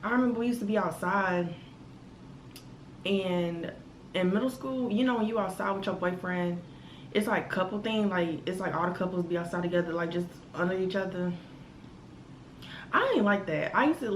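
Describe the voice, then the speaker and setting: A woman, telling a story to her camera in casual vlog chat, animated and full of asides, recorded on a phone. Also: on the low side, echoey room, a little hiss or hum, rough recording. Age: 20s. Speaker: vlogger.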